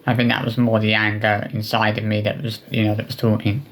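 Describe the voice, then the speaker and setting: A man talking straight to his viewers in a personal vlog, upset and remorseful, with halting speech full of restarts and fillers. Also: fairly low pitch, monotone. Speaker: vlogger.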